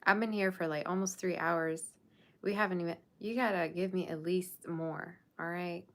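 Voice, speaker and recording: A young adult tarot reader livestreams in a fairly low, steady voice at normal speed. Her casual chatter includes sassy teasing of the viewers in her chat.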